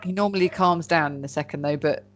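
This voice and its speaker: A woman's voice: low voice, fast talker, faint music behind. A woman co-hosting a casual podcast, teasing her friends with wry remarks. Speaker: podcast co-host. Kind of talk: casual chat. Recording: dull lo-fi mic.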